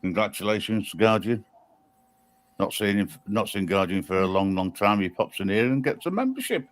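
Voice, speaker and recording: A man co-hosting a live stream, with dry, deadpan humor and frequent "uh" and "um" pauses. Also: fairly low pitch, no room sound. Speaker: livestream co-host. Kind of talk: casual live-stream chat.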